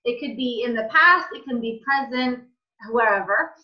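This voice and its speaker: A woman interviewer talking casually and eagerly, quick to agree and cheer her guest on. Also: on the high side, dull audio.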